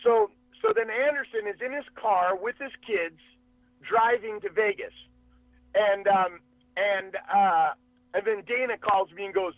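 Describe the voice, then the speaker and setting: Guest spot: high-pitched man, animated storyteller, restarts a lot, dry tinny phone-like sound. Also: gravelly, no room sound. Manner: animated, rapid restarts, calls the host "dude". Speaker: guest, fight promotion executive and manager. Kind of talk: casual storytelling on a podcast.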